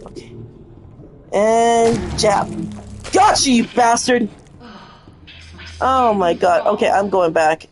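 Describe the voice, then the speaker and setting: A woman's voice: mid-range voice, animated, slow, pauses often, soft background music. A young woman giving live gameplay commentary, frustrated and cursing at the game as she plays. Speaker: gaming streamer.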